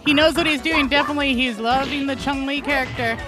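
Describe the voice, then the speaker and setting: A woman's voice: high-pitched, steady tone, fast. A woman as color commentator at a game tournament, playful and joking about the players. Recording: music clearly audible behind.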